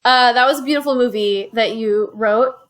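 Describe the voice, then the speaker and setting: A chatty woman with a fairly high voice tells a story in a lively, animated way, dropping into little quoted voices as she goes. She sounds like she's talking into a phone camera in a relaxed home chat. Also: normal speed. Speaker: reviewer and show host. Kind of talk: casual chat, retelling a movie plot. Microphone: phone used as camera.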